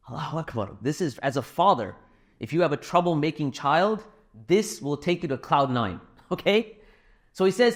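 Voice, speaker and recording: A man's voice: on the high side, animated, a little fast. A middle-aged man speaking to a live audience in a hall, telling anecdotes and making a donation appeal in a conversational way. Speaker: speaker at a fundraising talk.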